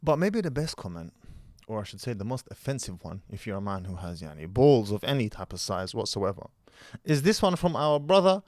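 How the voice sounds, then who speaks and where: A man's voice: on the low side, very animated, a little fast, darkish tone, dry recording, clean studio sound. A man giving opinionated commentary, lecturing emphatically with rhetorical questions and the odd Arabic word. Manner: scattered Arabic words in his speech. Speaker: online commentator.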